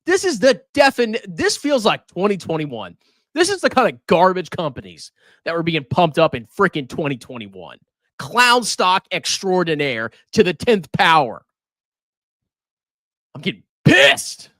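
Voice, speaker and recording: Male stock streamer, sarcastic and insulting, voice swinging high and low, dry close sound. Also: big pitch swings, normal speed, fairly bright tone, dry recording. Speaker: personal finance streamer. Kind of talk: live stream stock commentary.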